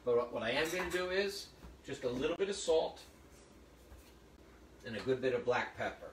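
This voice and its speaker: In a hot, echoey kitchen, a chatty cooking instructor livestreams a demonstration by phone, explaining each step as he cooks. His mid-range voice has lively intonation and a moderate pace, sounds distant, and competes with a noisy background.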